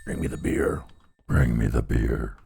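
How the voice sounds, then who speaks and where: A bossy talking skull, as a man puts it on growls out orders in a low, gruff voice. He sounds demanding. The recording is dry and close. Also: big pitch swings, takes it slowly, darkish tone, no room sound, heavily acted.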